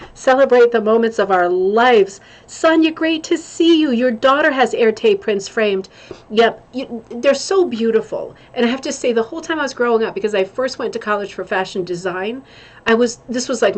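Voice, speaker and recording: Chatty woman hosting a livestream. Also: medium pitch. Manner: chatty, greets viewers by name, scattered asides. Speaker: livestream host. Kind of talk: casual livestream chat.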